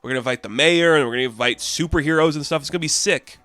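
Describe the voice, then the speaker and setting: A man doing a giddy Harley Quinn. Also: dry recording. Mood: excited. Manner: excitable, rushed, raised pitch. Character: hyper, gushing young woman antihero from a comic.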